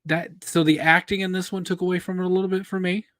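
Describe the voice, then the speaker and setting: A man's voice: high voice, little pitch movement, quick pace, fairly bright tone, no echo, clean studio sound. A man co-hosting a fan-film review show, talking candidly in a casual chat full of fillers. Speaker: co-host reviewing fan films.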